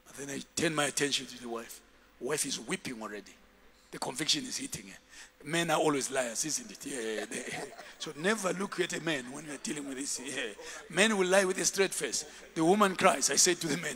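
High, bright-voiced man preaching in a big hall. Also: a little fast. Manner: animated, call-and-response preaching with laughs. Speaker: bishop, preacher. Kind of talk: sermon. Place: large church hall. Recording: live church sound with long hall reverb.

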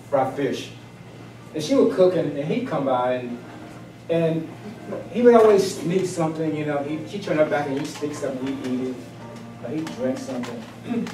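A man, giving a humorous personal storytelling speech at a club meeting in a lively, emphatic way. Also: fairly high pitch. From South Carolina, US. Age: 60s. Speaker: club speaker. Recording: echoey room, distant mic, background noise.

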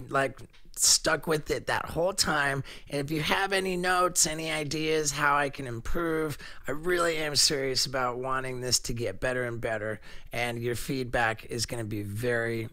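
A man's voice: medium pitch, bright, forceful tone. A man hosting a podcast, talking in a laid-back, earnest way and swearing casually as he thanks listeners. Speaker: podcast host. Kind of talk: casual podcast chat and outro. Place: podcast studio.

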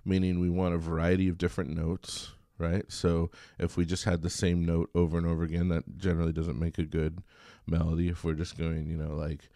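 Low gravelly male music lecturer. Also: fairly quick, few pauses, no room sound, studio quality. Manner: relaxed and chatty, sings examples. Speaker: college music instructor. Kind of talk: recorded lecture.

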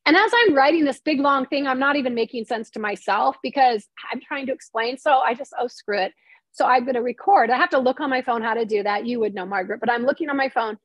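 A woman's voice: high voice, fast talker, hardly any pauses, no echo, rough recording. A woman screenwriter and novelist, talking in a casual interview and telling stories animatedly, with many restarts.

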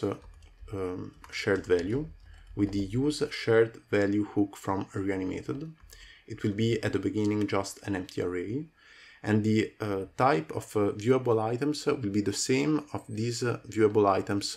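Guy walking thru code, lowish voice, lots of uhs, keyboard typing behind him. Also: vocal fry, darkish tone. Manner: talks through code with many fillers. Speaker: coding tutorial host. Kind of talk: screen-recorded coding tutorial.

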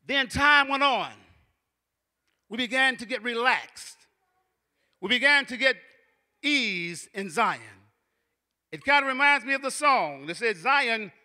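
High, bright-voiced preacher in reverberant church. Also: male voice. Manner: repetitive preaching cadence that builds to shouting. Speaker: elder preaching. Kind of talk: sermon. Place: church sanctuary.

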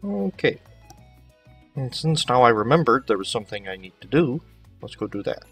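A man's voice: mid-range voice, big pitch swings, moderate pace, slightly rough, far from the mic, soft background music. A man giving casual gameplay commentary, chatting to the characters as he plays. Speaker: let's play host.

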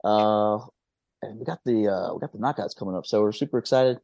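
A laid-back man in his thirties with a low voice, chatting loosely on a podcast and tripping over restarts. The sound is dry and close, with a dull, lo-fi tone. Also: brisk, vocal fry, a little mellow, no room sound. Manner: laid-back, stammering restarts, swearing and laughing. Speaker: podcast co-host. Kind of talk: casual chat.

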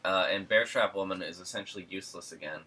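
A man's voice: sits low, quick pace, pushed and bright, breathy edge. A man co-hosting a podcast who recaps a film's plot in a casual, rambling way, with many "like"s and "um"s. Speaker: podcast co-host. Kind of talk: casual film recap chat.

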